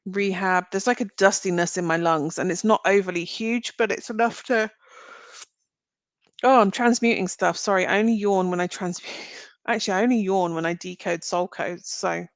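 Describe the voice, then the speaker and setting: A woman's voice: medium pitch, fairly even intonation, normal speed, no echo. A woman giving live-streamed tarot card readings, talking straight to viewers in a chatty, meandering, reassuring way as she thinks aloud. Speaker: tarot reader.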